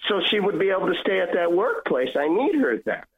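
A man's voice: high voice, sing-song, brisk. A man calling in to tell a heartfelt personal testimony, earnest and given to repeating himself. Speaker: caller telling his story. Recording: tinny phone line.

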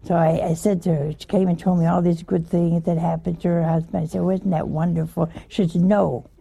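A woman's voice: on the low side, level tone, a little fast, creaky, mellow, slightly rough. An older woman giving an informal sermon, chatty and laughing, often asking her listeners questions. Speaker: religious teacher.

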